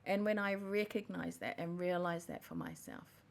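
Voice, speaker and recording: Woman podcast host, gravelly vocal fry, earnest heartfelt musing, keeps rephrasing mid-thought. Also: fairly low pitch, very animated, moderate pace. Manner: earnest and heartfelt, with self-repairs. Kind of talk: reflective personal monologue.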